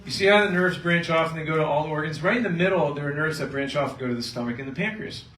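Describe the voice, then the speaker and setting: A man's voice: fairly high pitch, fast. Man telling a seminar story in an echoey room. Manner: storytelling, acting out both sides of a patient story, animated. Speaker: chiropractor giving a health seminar. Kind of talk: live seminar talk to an audience. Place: seminar room with a live audience. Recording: echoey room, mic at a distance, faint noise.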